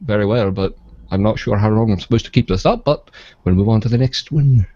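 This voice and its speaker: A man co-hosting a casual chat show, joking in a dry, deadpan way. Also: fairly low pitch, fairly quick, highs cut off. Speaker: co-host.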